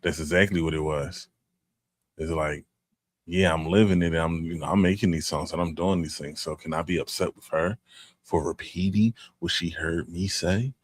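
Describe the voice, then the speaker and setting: A man's voice: low voice, steady tone, normal speed, no echo, clean studio sound. A middle-aged man co-hosting a podcast, talking in a laid-back, rambling way with lots of restarts. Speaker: podcast co-host. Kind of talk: casual chat.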